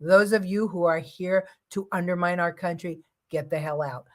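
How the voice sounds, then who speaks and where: A woman's voice: lowish voice, steady tone, moderate pace. A woman hosting a live news talk show, giving blunt, heated opinion commentary with frequent ums and uhs.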